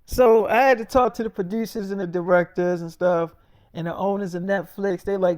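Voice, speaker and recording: A man with a high voice spins a rambling, boastful story full of profanity. The sound is dry and close to the mic. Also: fairly even intonation, moderate pace, a little mellow, smooth, dry recording. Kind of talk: improvised spoken story.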